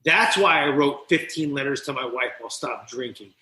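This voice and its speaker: A man's voice: medium pitch, reverberant, poor audio. A man from New Jersey, a podcast guest and coach, telling his story candidly and acting out scenes as he goes. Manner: animated, quick, acts out scenes as he tells them.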